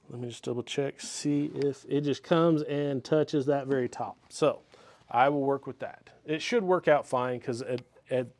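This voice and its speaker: A man talking through a guitar repair step by step in his workshop, relaxed and methodical as he works with his hands. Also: medium pitch, dry recording. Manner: relaxed, methodical, talks while working with hands. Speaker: luthier demonstrating a repair.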